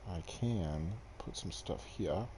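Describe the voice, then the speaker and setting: A man's voice: low voice, slow pace, background noise. A young man streaming gameplay to a desk mic, chatting casually with viewers in a rambling, self-deprecating way. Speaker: game streamer. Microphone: desk microphone.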